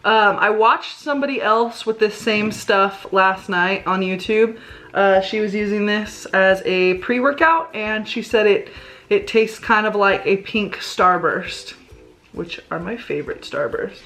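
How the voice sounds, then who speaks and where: A woman's voice: mid-range voice, measured pace, fairly bright tone. A woman vlogging casually about her meals, chatty and rambling with lots of filler words. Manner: chatty, rambling with many ums. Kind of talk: casual food diary vlog. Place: home.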